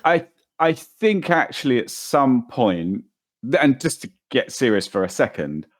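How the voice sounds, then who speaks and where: A man's voice: mid-range voice, big pitch swings, a little slow. A man with a British accent co-hosting a casual security podcast, making emphatic, joking predictions. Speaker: podcast co-host. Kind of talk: casual chat.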